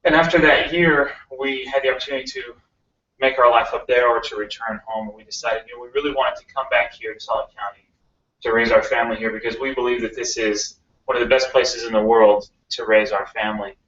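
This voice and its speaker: Earnest man making a campaign pitch. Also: fairly even intonation, fairly bright tone. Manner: earnest, halting with many uhs. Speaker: county council candidate. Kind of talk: campaign speech. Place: meeting room with an audience. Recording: roomy, distant, dull lo-fi sound.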